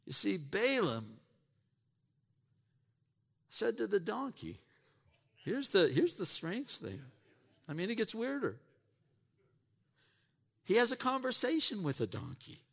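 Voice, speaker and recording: A man's voice: high voice, huge pitch swings, slow pace, creaky, pauses often, fairly bright tone. A man preaching a sermon, retelling scripture with emphatic asides and repeated words. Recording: long reverb in a large hall.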